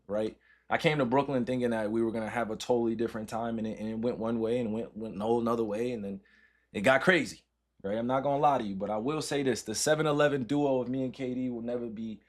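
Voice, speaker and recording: A man in his thirties casually talking to his livestream chat, loose and repetitive, often tagging his sentences with "right?" and "all right?". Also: fairly low pitch.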